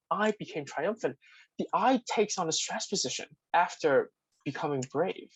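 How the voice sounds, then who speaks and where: A man's voice: high voice, big pitch swings, moderate pace, slightly rough, no room sound, low-quality recording. A young man tutoring, walking through an exam answer and thinking aloud with many "sort of"s and restarts. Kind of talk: explanatory exam walkthrough.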